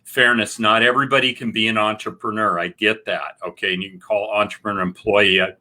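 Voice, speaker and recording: A man's voice: fairly low pitch, flat delivery, brisk. A man co-hosting a talk show, bluntly urging listeners to take action. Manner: forceful, exhorting, blunt. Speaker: co-host. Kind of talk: casual talk show discussion.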